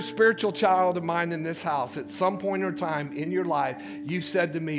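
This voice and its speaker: A man's voice: a little high, fairly even intonation, normal speed, hardly any pauses, music in the background. A man preaching a sermon as pastor in a church, emphatic, calling out to his congregation. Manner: emphatic call-and-response preaching. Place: church sanctuary.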